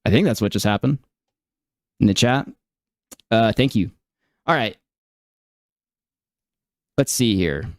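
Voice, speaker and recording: Smooth-voiced man reacting in disbelief. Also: on the low side, animated, slow pace, long pauses, dry recording, clean studio sound. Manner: incredulous, laughing, many fillers and restarts. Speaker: commentary streamer. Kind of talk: casual reaction commentary.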